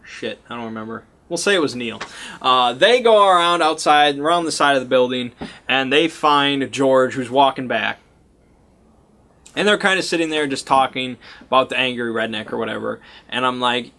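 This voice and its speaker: Bright-voiced man rambling through a game recap. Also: medium pitch, normal speed. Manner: rambling and self-interrupting, often loses track of names. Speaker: game master recapping a session. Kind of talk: casual storytelling recap.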